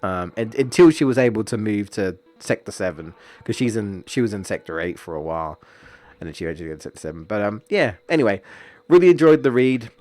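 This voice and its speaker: A man's voice: lowish voice, lively intonation, fast talker, darkish tone. A man, streaming and chatting casually, rambling with many fillers and restarts. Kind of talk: casual chat about a story.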